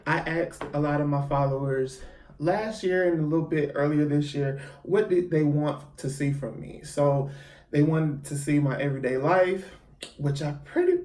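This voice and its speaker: A man's voice: on the high side, moderate pace, a little mellow. A man talking to camera in a casual storytime vlog, chatty and theatrical, hyping himself up with lots of ums. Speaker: YouTuber. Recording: echoey room, mic at a distance.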